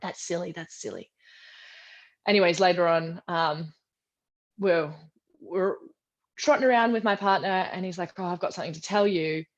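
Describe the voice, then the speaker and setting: A woman guest on a podcast, candidly telling a personal story and acting out the voices in it, often dropping to a soft, quiet tone. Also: moderate pace, muffled recording. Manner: animated retelling, acting out quoted voices, drops to a soft low voice.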